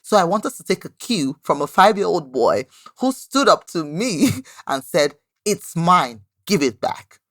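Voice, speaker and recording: A woman in her thirties hosting a podcast, giving a motivational talk with lively storytelling and a frequent questioning "right?". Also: on the low side, normal speed, few pauses, dry recording, clean studio sound. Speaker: podcast host.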